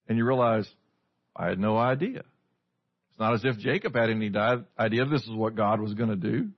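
A man's voice: medium pitch, gravelly. A man, preaching a conversational sermon, putting scripture into everyday words and asking his listeners questions. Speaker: pastor. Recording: dull lo-fi sound.

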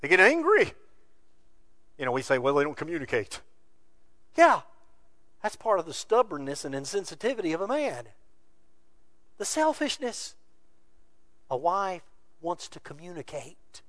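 Male pastor, high voice, earnest sermon delivery, shifting soft to loud. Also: very animated, unhurried, pauses often, no echo. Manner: earnest exhorting preaching, swinging between soft and loud.

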